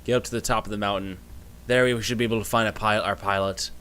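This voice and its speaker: A man's voice: lowish voice, steady tone, fast talker, bright, forceful tone, clean tone. A man narrating as game master of a livestreamed tabletop game, improvising loosely and correcting himself as he goes.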